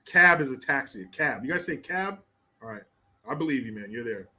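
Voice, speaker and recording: A man's voice: mid-range voice, expressive, a little fast, pushed and bright. An American man hosting a livestream. He reads chat comments aloud with crude, laughing, mocking banter. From United States. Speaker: host.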